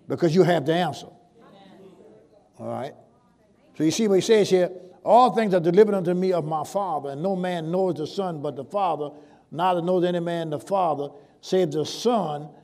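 Preaching man with rising loud swells. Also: high voice. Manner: preacherly, drawn-out emphasis on scripture with sudden loud swells. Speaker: pastor. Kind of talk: sermon.

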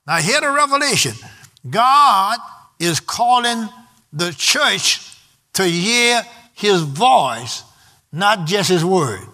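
A man's voice: high voice, very animated, slow pace, sharp tone. A man preaching a sermon emphatically and calling out to the congregation for responses. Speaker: pastor.

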